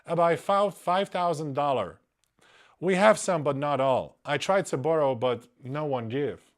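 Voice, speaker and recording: A man voicing a young woman romance scammer who speaks quiet, hesitant, broken English. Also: on the high side, unhurried, lightly acted. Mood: pleading.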